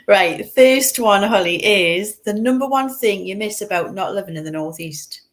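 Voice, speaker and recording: A woman's voice: medium pitch, expressive, moderate pace. A woman with a Geordie accent co-hosting a podcast, asking questions in a playful way and giggling often. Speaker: podcast co-host. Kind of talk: casual chat.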